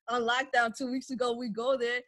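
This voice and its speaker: Twenties woman, laughs a lot, cusses, dry close mic, kinda high voice, acts out her mom's lines. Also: moderate pace, no room sound. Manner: animated storyteller, acts out quotes; swears freely, laughs often. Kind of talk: casual chat.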